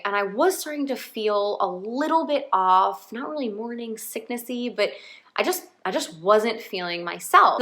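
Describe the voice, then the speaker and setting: Young woman, casual vlog storytelling, bright voice, chatty, acts out quotes. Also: medium pitch. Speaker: vlogger, Catholic mom.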